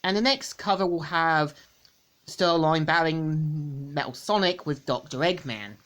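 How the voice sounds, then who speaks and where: Woman going over a comic plot, kinda low voice, says "and of course" a lot. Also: measured pace, a bit bright. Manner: rambling, repeats stock phrases. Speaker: comic book reviewer. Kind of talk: casual plot recap.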